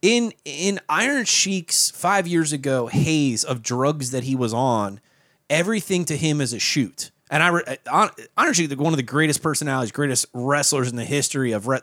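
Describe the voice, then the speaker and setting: A man's voice: a little high, expressive, normal speed, a bit bright, dry recording, clean studio sound. A man talking as a podcast guest in casual chat, a rambling storyteller who swears freely. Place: home podcast setup.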